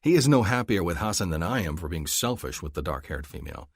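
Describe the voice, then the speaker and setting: Deep husky guy reading an audiobook, dry close studio mic. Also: lively intonation, no room sound. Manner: measured, earnest storytelling. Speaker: audiobook narrator. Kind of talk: first-person romance audiobook narration.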